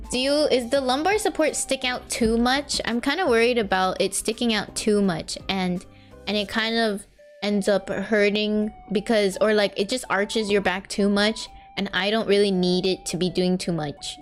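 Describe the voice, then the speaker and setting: A young woman VTuber chatting casually on a live stream while she draws, rambling, laughing often and answering her chat. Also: medium pitch.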